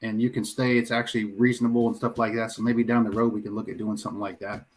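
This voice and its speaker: A man's voice: fairly low pitch, little pitch movement, quick pace, slight background noise. A man guest on a casual livestream, easygoing and agreeing with lots of "yeah". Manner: easygoing, says yeah a lot.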